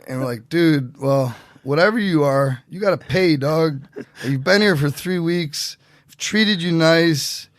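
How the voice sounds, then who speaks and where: A man telling stories as a podcast guest in a casual, animated way, acting out what other people said. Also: on the high side, measured pace, dry recording, clean studio sound. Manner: animated, acts out quotes in voices. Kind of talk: casual storytelling.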